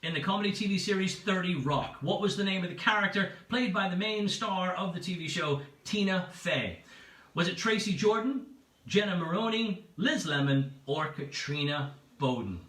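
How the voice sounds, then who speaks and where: Lively bright-voiced male quiz host. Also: high-pitched, moderate pace, recorded from a distance. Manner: chatty, repeats each question, laughs at own jokes. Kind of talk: livestreamed pub quiz hosting. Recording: echoey room, away from the mic.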